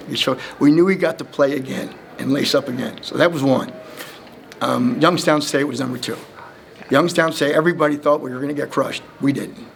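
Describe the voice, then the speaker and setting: A man's voice: medium pitch, steady tone, normal speed, vocal fry, a little hiss or hum. A man in his fifties from New Jersey, a Hall of Fame inductee, answering press questions with long, rambling stories and quoted dialogue. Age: 50s. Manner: rambling storyteller who acts out quoted voices and laughs between lines. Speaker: Hall of Fame inductee, former running back.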